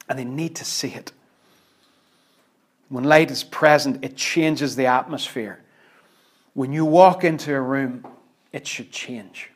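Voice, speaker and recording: A man preaching a sermon, earnest and emphatic, sometimes dropping almost to a whisper. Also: medium pitch. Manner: earnest, emphatic, with dramatic drops to near-whisper.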